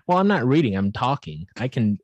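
A man from the Chicago area who is a guest on a casual comedy podcast and makes dry, deadpan jokes. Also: medium pitch, a little fast, dull audio.

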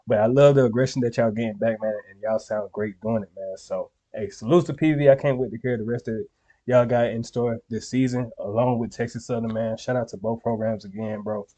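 This young man's mid-range voice has a dark tone and fairly even intonation, and he talks a little fast. Hosting a reaction video, he keeps it loose and slangy with viewers, regularly tossing in "you feel me."

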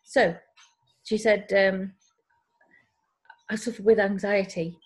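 Slow and husky, a woman's mid-range voice stays fairly even in intonation as she tells a rambling personal story in a casual group video call. She acts out the voices of those she quotes.

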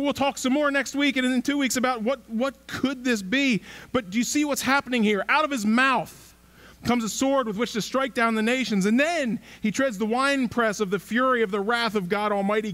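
A man's voice: very high voice, fairly bright tone. A male pastor giving a conversational sermon, asking rhetorical questions and repeating himself for emphasis. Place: church sanctuary.

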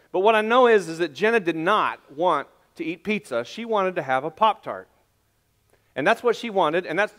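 A man's voice: a little high, a bit bright. A middle-aged man preaching a sermon, telling a rambling, self-deprecating family story with many restarts. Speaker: pastor.

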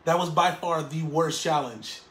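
A young man co-hosting a casual livestream chat, animated and laughing through his talk. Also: on the high side, moderate pace. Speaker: co-host. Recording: loud background noise.

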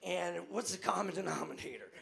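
A man doing a loud, manic, self-mocking stand-up set on a club stage in front of a live audience, often laughing at his own jokes. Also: high voice, fairly even intonation, a little fast, vocal fry, a crowd in the background. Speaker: stand-up comedian.

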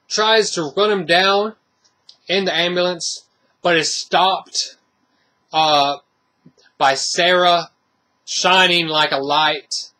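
A man with a somewhat high, bright, forceful voice talks through a horror movie review in loose, casual speech. He rambles, circles back and leans on filler words. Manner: rambling, many fillers and restarts.

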